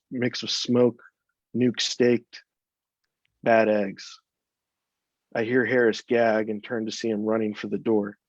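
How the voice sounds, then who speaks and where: A man's voice: on the low side, darkish tone, no room sound. Man reading his own fiction aloud. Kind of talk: first-person fiction reading. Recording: dull, dry, lo-fi sound.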